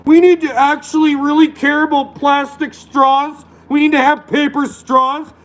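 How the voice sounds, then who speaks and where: Brief: preachy whiny scold, high, slow and sarcastic, as a man mocks him. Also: little pitch movement, fairly bright tone, rough recording. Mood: mocking. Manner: sarcastic, drawn-out, sing-song.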